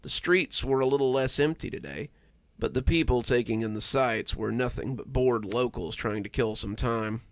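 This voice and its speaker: A man narrating a cozy horror story in a calm, measured storytelling voice. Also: medium pitch, no echo.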